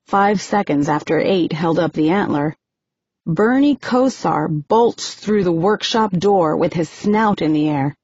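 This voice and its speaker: A woman narrating a novel in the first person, steady and measured, on a dry, muffled recording. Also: fairly low pitch, slightly rough, no room sound. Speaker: audiobook narrator.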